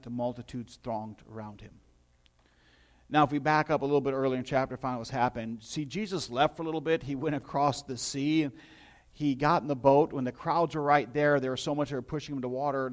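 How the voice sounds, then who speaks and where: A middle-aged male pastor preaching a sermon in a conversational storytelling way, with asides to his listeners. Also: medium pitch.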